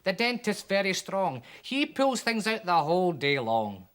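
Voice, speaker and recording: A performer reading a poem aloud and voicing a brisk, no-nonsense mother in a firm, slightly raised voice. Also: mid-range voice, very animated, a bit bright, pitched above the performer's own voice.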